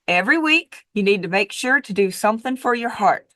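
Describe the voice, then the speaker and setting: A woman voicing a sweet, neighborly older Texan woman with a Texas accent, giving unhurried advice. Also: mid-range voice, animated, a bit bright, dry recording, clean studio sound, lightly acted. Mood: earnest.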